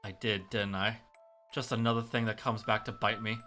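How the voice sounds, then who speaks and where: A stern, weary mother scolds her son in a lowered voice, as a man puts her on. The tone stays bright and firm. Faint game music plays behind. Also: flat delivery, moderate pace. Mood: wary.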